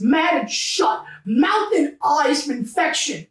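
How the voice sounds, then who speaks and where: High voiced guy on a podcast, upset and swearing a lot, kinda teary, sounds far off in an echoey room. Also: sing-song, takes it slowly, few pauses. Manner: heated, profane, often shouting. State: choked up, near tears. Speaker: podcast guest. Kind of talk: emotional podcast rant. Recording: roomy sound, set back from the mic.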